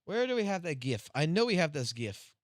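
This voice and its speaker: A man's voice: a little high, big pitch swings, brisk, no room sound, studio quality. A man live-streaming, ranting casually with heavy swearing and rambling restarts. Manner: profane, rambling, restarts sentences. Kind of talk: casual late-night stream rant.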